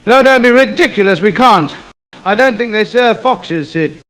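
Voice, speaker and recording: A man's voice: sits high, lively intonation, moderate pace, a bit bright, poor audio. A man doing a pompous, fussy, self-pitying gent. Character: pompous suburban man with a fussy, indignant temper. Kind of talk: AI-voiced comedy sketch.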